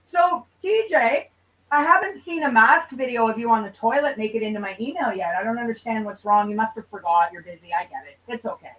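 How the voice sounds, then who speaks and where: Woman streamer, fairly high voice, a little off mic, casual and profane with her viewers. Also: fast talker, hardly any pauses, a bit bright, distant mic, low-quality recording. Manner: loose, profane, banters with chat. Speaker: livestream host. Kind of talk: casual livestream chat reading viewer comments.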